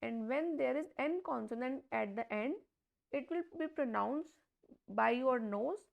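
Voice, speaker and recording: In a step-by-step pronunciation lesson for beginners, a high-voiced woman teacher speaks slowly and deliberately. Each example word gets repeated, and her voice carries a gravelly, creaky edge.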